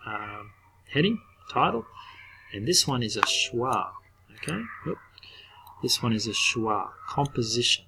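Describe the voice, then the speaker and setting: A patient middle-aged man teaching a spelling lesson to young pupils. He draws words out slowly and says them again and again so every vowel can be heard. His voice sits at an ordinary mid pitch. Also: creaky, fairly bright tone, slight background noise, poor audio. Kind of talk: recorded spelling lesson for children.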